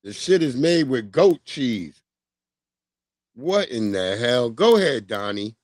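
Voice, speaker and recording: A man hosting a livestream, giving loud, profane, mocking reactions in casual commentary. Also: medium pitch, sing-song, slow pace, no room sound, studio quality. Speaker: livestream host.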